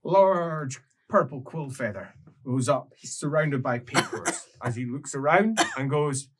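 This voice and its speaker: A man's voice: mid-range voice, expressive, a little slow. A man narrating as game master in an improvised tabletop game, telling the story with restarts.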